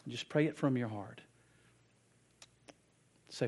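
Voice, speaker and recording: A man preaching a sermon as pastor and leading a prayer in a reverent, earnest way. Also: medium pitch. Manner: slow, soft and reverent in prayer, loud and animated when telling a story.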